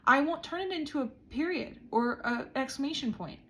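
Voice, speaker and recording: A woman's voice: high-pitched, expressive, fairly quick, fairly bright tone. A woman vlogger sitting on the floor and talking through her thoughts in a reflective diary monologue. She is earnest and says "like" often. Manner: earnest, frequent "like" fillers. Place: indoors, seated on the floor.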